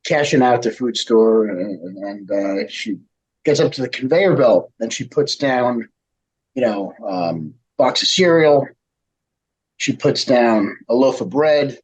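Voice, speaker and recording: A man's voice: mid-range voice, animated, unhurried, husky, dull audio. A man on a casual podcast, rambling through a joke and teasing the host. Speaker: podcast guest.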